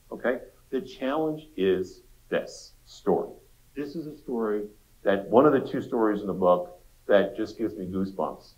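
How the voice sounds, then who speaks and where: A man giving a university lecture in a conversational way, speaking directly to the students with quips. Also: on the low side. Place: lecture hall. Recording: echoey lecture hall.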